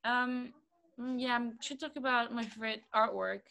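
A woman's voice: a little high, steady tone, moderate pace, creaky, bright, forceful tone. Chatty young woman from Luxembourg. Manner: chatty, loose, trailing fillers. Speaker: quiz round host. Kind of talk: casual online quiz chat.

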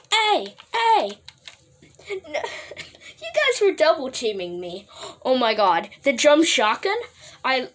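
A woman commentating her own gameplay, excitable and playful, laughing often and trash-talking her friends. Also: medium pitch, slight background noise. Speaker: gaming video host.

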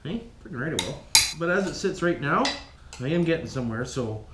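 Man, casual DIY vlogger, salty and folksy, lively sing-song delivery, echoey shop with loud clanking tools. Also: a little high, fairly quick, heavy background noise. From Canada. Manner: folksy, swears a lot, keeps calling viewers "boys". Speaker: vlog host rebuilding an engine. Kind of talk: casual workshop vlog. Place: home workshop, working with tools. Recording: echoey room with loud tool clatter.

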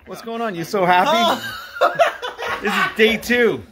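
A man hosting a family vlog at home, talking in an animated, encouraging way and praising his son. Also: high-pitched, normal speed, heavy background noise. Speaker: family vlog host and father. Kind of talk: casual family chat.

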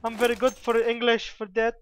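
Trading playful insults over casual game voice chat, this man uses broken English and attaches a stock phrase to his sentences. His voice is extremely high, monotone and smooth, and he talks fairly quickly. The voice-chat audio is slightly dull, with faint noise.

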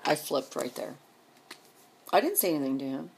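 A woman's voice: deep voice, expressive, moderate pace, vocal fry, very noisy. A middle-aged woman venting on her vlog in an exasperated rant, firing off rhetorical questions and repeating herself. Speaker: vlogger. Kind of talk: emotional rant to camera.

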